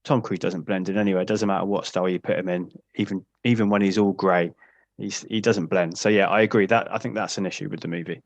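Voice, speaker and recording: Low-voiced male podcast host. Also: fairly even intonation, dry recording, dull audio. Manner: measured, analytical. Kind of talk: casual chat.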